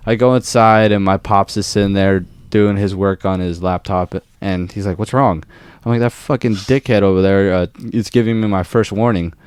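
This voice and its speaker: Here a young male co-host tells a workplace tale at a moderate pace, his lowish voice smooth and studio-clean with no room sound. The chat is casual, peppered with swearing, and he performs the quotes with animation.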